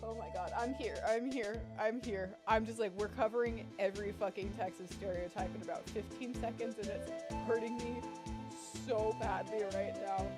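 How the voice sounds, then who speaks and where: A young woman streamer playing a game, excitable, swearing and laughing a lot as she talks to her chat. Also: mid-range voice, moderate pace. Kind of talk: let's play commentary. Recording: game music behind.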